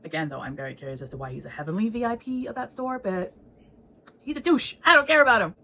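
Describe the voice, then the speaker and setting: Woman book vlogger, relaxed, talkative, laughs a lot, mid-range voice, casual swearing. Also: mid-range voice, fast, low-quality recording. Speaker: book reviewer.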